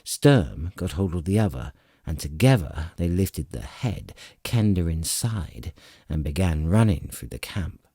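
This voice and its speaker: A deep, dark male voice narrating a fantasy novel with an unhurried, dramatic delivery. His pitch moves expressively, and the voice has a husky grain. The recording is dry and close-miked. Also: sing-song, no room sound. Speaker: audiobook narrator.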